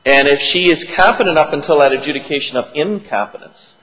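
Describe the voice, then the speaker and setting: A man's voice: a little high, a little fast, a bit bright. A man serving as an appellate judge, methodically probing counsel with questions during oral argument. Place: large courtroom. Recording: reverberant courtroom.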